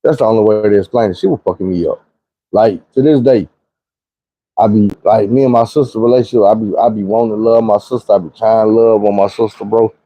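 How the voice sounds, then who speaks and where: Mellow-voiced man telling a story. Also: on the low side, steady tone, brisk, no room sound, poor audio. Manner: vivid, profane retelling with shouted quotes. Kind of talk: casual storytime monologue.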